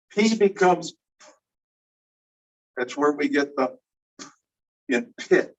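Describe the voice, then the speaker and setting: A man's voice: on the high side, husky. A man teaching a class, explaining ideas step by step and asking the students questions. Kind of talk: classroom lecture. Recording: distant, dull room recording.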